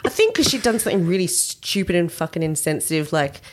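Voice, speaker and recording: A woman hosting a casual chat, playful and expressive, breaking into laughter often. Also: on the low side, fast.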